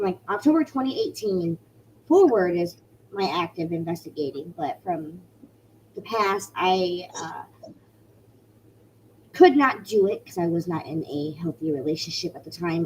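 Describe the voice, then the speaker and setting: Woman from Indiana, mellow voice, halting and restarting, casual guest chat over a faint hum. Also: fairly low pitch, poor audio. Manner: halting, restarts mid-sentence. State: wearing an arm sling after surgery. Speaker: paranormal investigator, guest.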